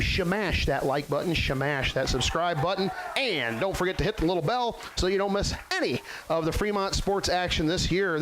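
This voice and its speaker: A man in his forties calling a local football game as the play-by-play announcer, with folksy, excitable hype. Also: high-pitched, noisy background. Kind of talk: local sports webcast commentary.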